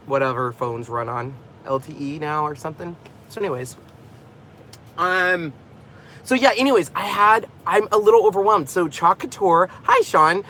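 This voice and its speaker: In a relaxed vlog recorded in his car inside the garage, a crafting host rambles, laughs frequently, and makes self-deprecating jokes. His voice is on the high side and fairly bright, accompanied by a slight hiss or hum.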